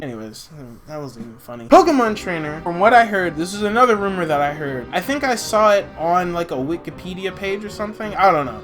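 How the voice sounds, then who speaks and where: A man hosting a casual gaming commentary video, rambling and joking in slangy speech. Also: high voice. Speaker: video host.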